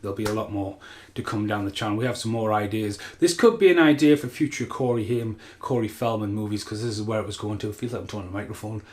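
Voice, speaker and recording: A man's voice: fairly low pitch, fairly even intonation, fast talker, few pauses, darkish tone, slight background noise. A man hosting his channel, chatting casually in a rambling, self-mocking way. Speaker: channel host. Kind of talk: casual chat.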